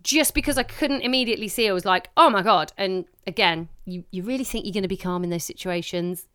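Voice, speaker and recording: A woman co-hosting a podcast, telling a story in animated bursts that speed up when she relives the panic. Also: mid-range voice, fast talker, clean tone, dry recording, studio quality. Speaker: podcast co-host. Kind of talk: casual chat.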